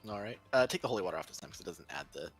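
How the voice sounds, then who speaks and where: A man with a lowish voice runs a tabletop game as game master. He describes the monsters and calls out hits and damage. His delivery is relaxed and full of chuckles, with faint music playing behind. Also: racing, breathy edge. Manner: chuckling, easygoing rules calls.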